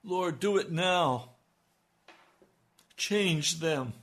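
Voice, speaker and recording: A man's voice: a little high, lively intonation, extremely slow, a bit bright. A man preaching on the radio, praying fervently with rising, pleading cries. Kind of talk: impassioned radio prayer.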